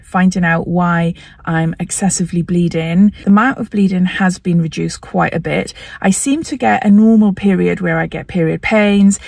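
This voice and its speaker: A woman's voice: on the low side, vocal fry, darkish tone, no echo, studio quality. A middle-aged woman talking candidly in a personal vlog, often laughing and sometimes emotional. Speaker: vlogger.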